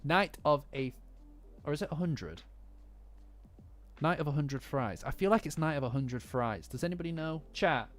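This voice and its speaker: Faint lofi music plays as this Nottingham man reacts to a manga chapter alongside his chat in a casual live stream. His Nottingham English is fairly high-pitched and lively at normal speed, and he rambles, gets distracted easily and mocks himself.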